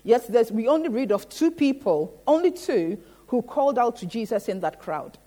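Mellow-voiced woman preaching a sermon. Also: a little high, very animated, normal speed. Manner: rhetorical, repeats "Amen?" to the congregation. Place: church.

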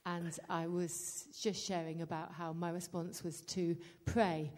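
A woman's voice: lowish voice, little pitch movement, unhurried, darkish tone. A woman sharing her news in a casual chat, hesitant, with many fillers and restarts.

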